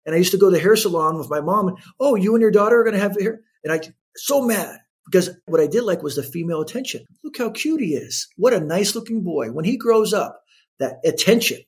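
A man in his fifties with a slightly raised, husky voice tells a personal story with energy. He jumps into the voices of the people in it as he goes, shifting his delivery for each quote. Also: high-pitched, fairly quick. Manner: animated storyteller acting out quotes. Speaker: guest. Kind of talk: storytelling in an interview.

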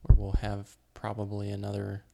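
A man's voice: fairly low pitch, normal speed, creaky, very noisy. A man co-hosting a casual podcast, chatting plainly and reading the show's outro. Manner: relaxed, plain-spoken, reads show outro. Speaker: podcast co-host.

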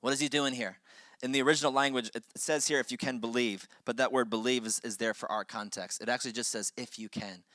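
A man's voice: mid-range voice, fairly even intonation, quick pace, sharp tone, no room sound, clean studio sound. A man preaching a sermon as pastor, with impassioned delivery that swells and drops for emphasis.

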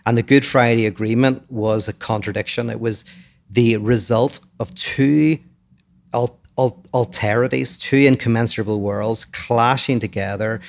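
A man's voice: mid-range voice, fairly even intonation, normal speed, vocal fry. A man with a Northern Irish accent, co-hosting a podcast and explaining ideas in casual, thoughtful talk, often restarting his sentences. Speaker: podcast co-host. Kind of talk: casual philosophical chat.

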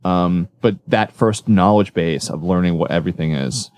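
Low-voiced man telling stories animatedly. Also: normal speed, dry recording, clean studio sound. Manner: rambling, self-correcting, animated storytelling. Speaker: magician guest. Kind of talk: casual podcast interview.

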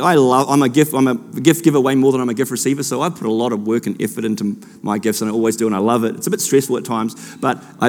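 A man's voice: medium pitch, a little mellow. A man in his forties preaching a Christmas sermon, moving from personal storytelling to impassioned preaching. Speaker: pastor. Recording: long hall reverb with faint music.

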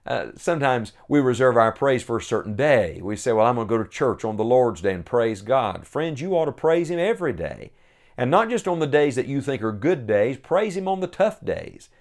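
A man's voice: mid-range voice, very animated. Earnest male preacher, emphatic sermon. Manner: earnest, emphatic, slows to stress key phrases.

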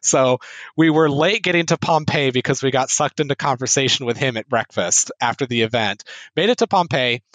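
A man in a casual interview, telling a lively anecdote and acting out bits of dialogue. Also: mid-range voice, a little fast, dry recording, poor audio. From United States. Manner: animated anecdote with laughs and quoted dialogue. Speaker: sword instructor and guest.

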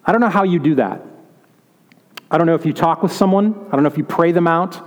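In a reverberant hall, a man preaches in a fairly high voice at a quick clip. His sermon is conversational, full of stories and questions directed at the congregation.

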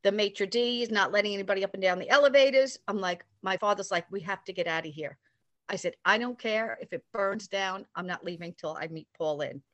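An older woman from the New York area telling a personal story in a casual, animated way, acting out the voices of the people she quotes. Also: medium pitch, a little fast, few pauses, no echo. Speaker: storyteller recounting a personal memory. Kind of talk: casual anecdote.

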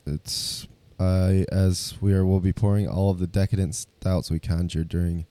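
A man co-hosting a podcast, cutting in with dry, quick quips. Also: deep voice, fairly even intonation, dark tone. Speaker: podcast co-host. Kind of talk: casual chat.

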